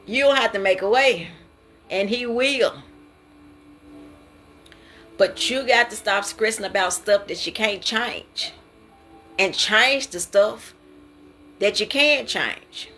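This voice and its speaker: A woman preaching in a relaxed, conversational way, earnest and repetitive as she testifies. Her voice sits at an ordinary pitch for a woman. Soft music plays faintly underneath. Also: a little slow, long pauses. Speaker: devotional speaker. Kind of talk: informal preaching.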